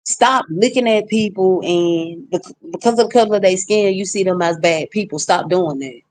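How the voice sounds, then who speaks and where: A woman's voice: on the low side, normal speed, a little mellow. A woman vlogger in a casual ranting monologue to her viewers, blunt and outspoken.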